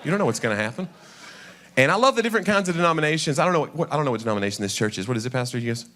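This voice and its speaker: A man's voice: a little high, animated, bright, forceful tone. Chatty Southern man doing stand-up. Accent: Southern American, East Tennessee. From Tennessee. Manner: chatty, self-deprecating, quick asides and character voices. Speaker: stand-up comedian. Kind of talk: stand-up comedy set. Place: church sanctuary before a live audience.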